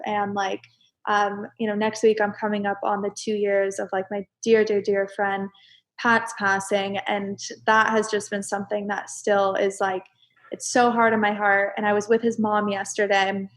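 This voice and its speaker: A young adult woman talking openly and emotionally as a guest in a casual chat, breaking into animated exclamations. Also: mid-range voice, normal speed.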